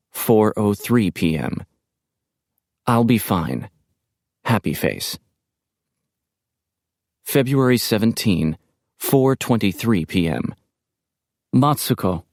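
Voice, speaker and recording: A man narrating an audiobook in a measured, even delivery. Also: fairly low pitch, no room sound, studio quality.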